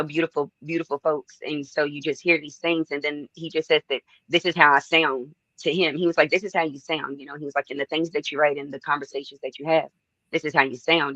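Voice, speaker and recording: A guest poet from Louisville, telling their story in an unhurried, reflective way. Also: mid-range voice, a bit bright, no echo, highs cut off. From Louisville, Kentucky. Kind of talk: casual interview talk.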